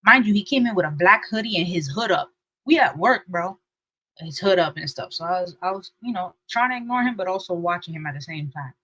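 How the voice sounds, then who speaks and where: A young woman co-hosting a podcast, telling a story in animated casual chat and acting out the people she quotes. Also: fairly quick, poor audio. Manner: lively, acts out quotes with shifting pitch and loudness. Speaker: podcast co-host.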